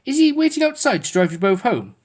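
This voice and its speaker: A woman's voice: fairly high pitch, sing-song, brisk, a little mellow, husky, voice pushed up. A woman reading a storybook aloud, voicing a jolly old man with a grand, hearty manner. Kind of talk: storybook voice acting.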